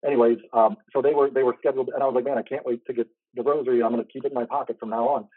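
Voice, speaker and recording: Fast-talking man on a tinny line. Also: medium pitch, steady tone, no echo. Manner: earnest, rambling storytelling. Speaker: host. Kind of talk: personal faith story in interview. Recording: tinny phone-like line, dry.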